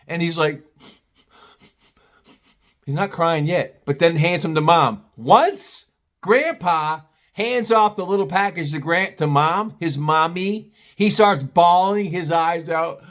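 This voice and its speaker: A man's voice: on the high side, unhurried, a bit bright. A man telling an exasperated, profane story as a vlogger, with sarcastic asides.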